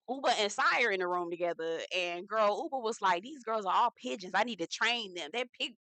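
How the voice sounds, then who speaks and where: A woman's voice: medium pitch, sharp tone, no room sound, low-quality recording. A young woman, hosting a casual, chatty reality TV recap and slipping into the cast's voices. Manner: chatty, sassy, slangy storyteller acting out quotes.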